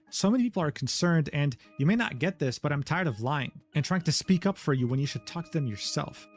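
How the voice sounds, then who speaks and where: Fast-talking man narrating a drama recap. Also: fairly high pitch, darkish tone. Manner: reads quoted messages aloud in a brisk, sardonic tone. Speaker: commentary narrator.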